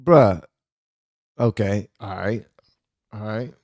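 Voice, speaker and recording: A man with a gravelly, fry-laced voice reacts to clips on his podcast, jumping up in pitch when something strikes him as unbelievable. He sounds close to the mic in a dry space. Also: normal speed, dry recording. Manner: animated, incredulous, laughs often. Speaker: podcast host. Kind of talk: reaction commentary.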